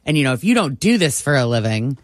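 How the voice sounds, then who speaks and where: A man's voice: mid-range voice, fast talker, no echo. Small business guy on the radio, voice bouncing all over, laughs a lot, dry studio sound. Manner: animated, laughs often. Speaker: small business owner, guest. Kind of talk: casual studio chat.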